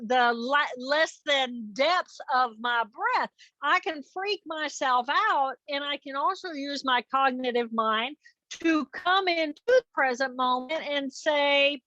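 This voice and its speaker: A woman's voice: high voice, bright, forceful tone, no room sound, lo-fi sound. A woman guest expert explaining in an earnest, teaching way with step-by-step examples. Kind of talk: explanatory interview talk.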